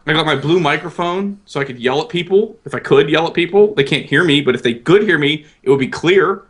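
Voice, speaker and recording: A man's voice: a little high, brisk. Rambling self-mocking podcast guy. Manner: self-deprecating, rambling, stammers and restarts. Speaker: guest co-host. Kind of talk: casual podcast chat.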